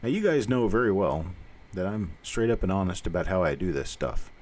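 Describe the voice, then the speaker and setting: A man's voice: sits low, expressive, brisk, a little mellow. An older man hosting a live coin roll hunting show, chatting casually in a folksy, rambling way with the odd joke, speaking plainly and reassuringly to his viewers. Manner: folksy, rambling storyteller who cracks jokes. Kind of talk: casual live-stream chat.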